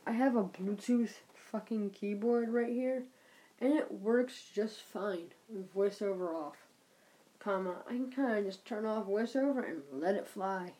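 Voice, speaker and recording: A woman's voice: medium pitch, warm tone, poor audio. A woman angrily dictating a profane message aloud, speaking each punctuation mark as she goes. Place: bedroom at night.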